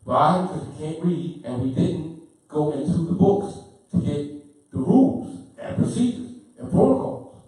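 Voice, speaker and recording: A man lectures with fervent, preaching insistence and hammers his points through repetition. His voice sits high and mellow. He is heard from well off the mic in a very echoey room. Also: big pitch swings, a little slow. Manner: fervent, preaching, repeats himself, gets loud then apologizes. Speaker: speaker. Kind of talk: impassioned lecture. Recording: roomy, from far off the mic.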